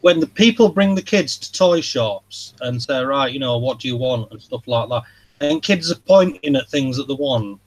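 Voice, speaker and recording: A man's voice: mid-range voice, expressive, normal speed, low-quality recording. A man, hosting a live stream and ranting in casual chat, rambling and swearing as he tells stories.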